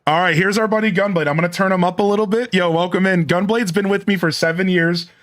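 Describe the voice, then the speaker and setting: A man's voice: high-pitched, steady tone, quick pace, a bit bright, no echo, studio quality. A man hosting a live game stream, chatting casually and thanking viewers as he goes.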